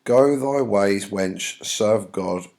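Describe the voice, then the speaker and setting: A man's voice: fairly low pitch, very slow, gravelly, darkish tone, exaggerated voice. A man reading the lines of a weary older woman servant, complaining and drawn out. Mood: grumbling.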